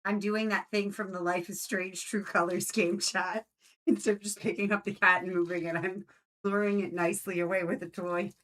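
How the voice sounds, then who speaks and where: A woman's voice: mid-range voice, flat delivery, normal speed, a bit bright. A woman joining a live game stream as co-host, chatting in a playful, giggly way. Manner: playful, giggly, jokes about the cats. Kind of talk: casual live-stream chat.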